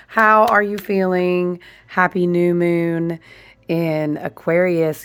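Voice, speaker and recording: Woman, hoarse, husky smoky voice, low and gravelly, casual chat to camera, animated and informal. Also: measured pace. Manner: chatty, animated, says "y'all" and "listen" often. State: hoarse, voice recovering. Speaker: candle and ritual tool maker.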